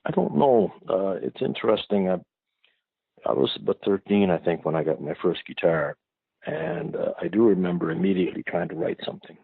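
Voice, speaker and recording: A man from Prince Edward Island, Canada, giving thoughtful, unhurried interview answers as a singer-songwriter guest, searching for his words. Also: deep voice, big pitch swings, creaky, slightly rough, no room sound. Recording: tinny phone-like line, dry.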